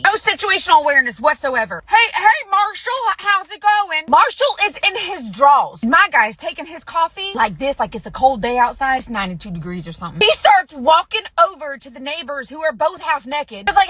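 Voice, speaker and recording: A woman, casually telling a private-investigator story in a sassy, animated way. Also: high voice.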